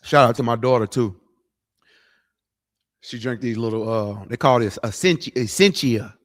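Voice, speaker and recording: A man's voice: medium pitch, normal speed. A middle-aged man preaching, blunt, profane and conversational, livestreaming to viewers. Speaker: street preacher.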